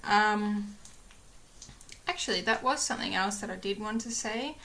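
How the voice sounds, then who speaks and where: A woman's voice: mid-range voice, normal speed, pushed and bright. A young woman chatting casually to her camera at home, rambling with many fillers and acting out what others said. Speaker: vlogger.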